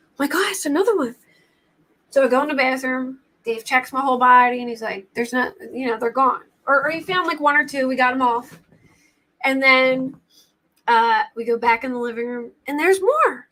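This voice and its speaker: A woman's voice: high-pitched, fairly bright tone. A young adult woman hosting a true crime livestream, chatting casually in a rambling, flustered way and laughing easily.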